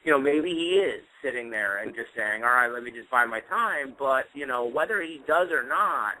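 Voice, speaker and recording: A man's voice: medium pitch, expressive, moderate pace, pushed and bright, poor audio. A man co-hosting a casual online talk show, telling long stories with many fillers. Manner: rambling storyteller, many fillers. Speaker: co-host. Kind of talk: casual podcast chat. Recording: internet radio call with faint noise.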